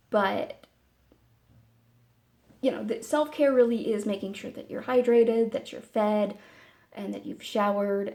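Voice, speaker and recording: A woman talking casually to camera in a personal vlog, meandering and halting, with many fillers and restarts. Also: medium pitch. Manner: soft and candid. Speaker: vlogger.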